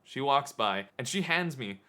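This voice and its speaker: A young man with a bright, forceful voice recounts a story in a casual vlog. He talks in an excitable, animated way, as if reliving every moment. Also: mid-range voice, normal speed. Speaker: vlogger.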